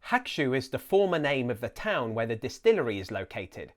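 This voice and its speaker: Lively clear man explaining. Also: medium pitch, fairly quick. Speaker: host. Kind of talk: scripted educational narration.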